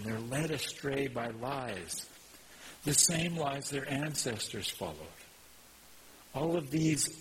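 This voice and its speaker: A man preaching a sermon as pastor, teaching in an earnest, measured way and reading scripture aloud. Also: medium pitch, fairly bright tone, slight background noise, rough recording.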